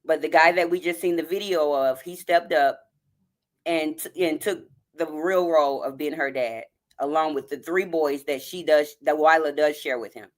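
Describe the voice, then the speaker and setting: Speaking at a moderate pace in a low voice, a live-stream host grows emotional, nearly crying as she reads a story aloud. Recording on a phone, she addresses viewers as "y'all" and welcomes chat members by name.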